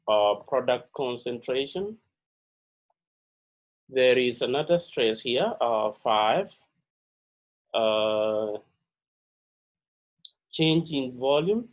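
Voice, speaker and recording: A man giving a pre-lab chemistry lecture, halting and full of "uh" and "all right" fillers, repeating key words for emphasis. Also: medium pitch, poor audio.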